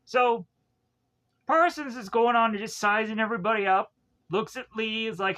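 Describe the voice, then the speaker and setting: A man's voice: high-pitched, moderate pace, pushed and bright. A man recapping a film plot in a loose, casual way, full of fillers and self-corrections, paraphrasing what the characters say. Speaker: film reviewer.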